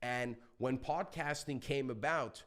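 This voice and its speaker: A man talking as a podcast guest, telling stories in a passionate, animated way and swearing freely. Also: medium pitch, a little slow. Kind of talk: casual interview talk.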